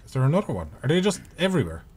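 A man's voice: a little high, very animated, very fast, darkish tone, slight background noise. A man streaming a video game, giving casual, profane and rambling commentary with jokes as he plays. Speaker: gaming streamer.

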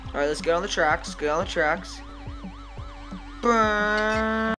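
A male gaming YouTuber giving excitable let's-play commentary, often shrieking and laughing at the game. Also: fairly high pitch, a little fast. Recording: game music playing loudly behind. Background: game music and sirens.

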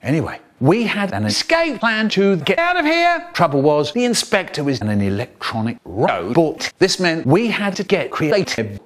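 Older man telling a wildly animated comic story. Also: on the high side, normal speed. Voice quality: expressive, animated delivery. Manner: theatrical, big swoops between voices.

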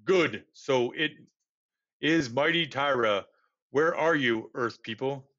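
Man putting on a commanding alien voice, slow, loud, radio broadcast, muffled lo-fi sound. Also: medium pitch, pitched below the performer's own voice. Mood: grand. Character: booming alien voice from another planet.

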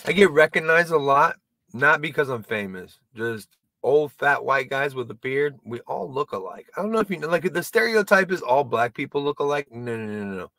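A man's voice: a little high, expressive, normal speed, pushed and bright, no echo. A man doing a casual stand-up monologue to camera, rambling and self-deprecating, swearing and stumbling over restarts. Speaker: comedian and video creator.

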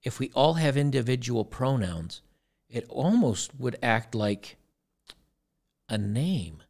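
A man with a gravelly, mid-pitched voice hosts a casual reaction commentary. He rambles and doubles back on his words, and he drops in dry, sarcastic asides as he goes. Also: sing-song, takes it slowly, darkish tone. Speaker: commentary channel host.

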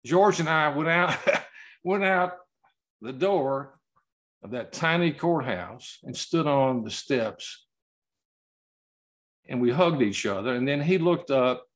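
Slow-speaking man telling a courtroom story. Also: mid-range voice. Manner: slow storytelling, halting, choked up at times. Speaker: award recipient. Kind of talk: emotional acceptance speech. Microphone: video call.

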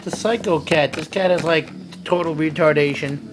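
A woman filming a friend's cat, talking casually with lots of swearing, giggling and squeaky baby talk aimed at the pet. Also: normal speed. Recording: noisy home video.

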